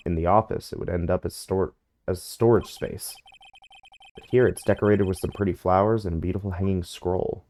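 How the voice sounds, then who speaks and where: A man's voice: low-pitched, mellow. A man reading game dialogue aloud in a dry, wry tone during a playthrough.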